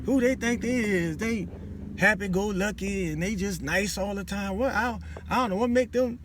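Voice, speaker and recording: A man voicing a catty, jealous coworker who gossips in mocking, incredulous questions, pitched higher than his own voice. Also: normal speed, background noise, close to an everyday voice. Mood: snide.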